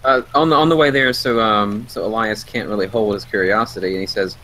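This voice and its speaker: A man's voice: lowish voice, a little fast, bright, forceful tone, low-quality recording. A man playing a tabletop game, talking in a hesitant way. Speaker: player. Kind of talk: tabletop role-play chat.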